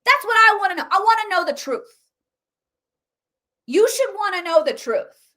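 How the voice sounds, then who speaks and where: A woman hosting a political commentary show, ranting in an animated, sarcastic way. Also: extremely high pitch, moderate pace. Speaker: host.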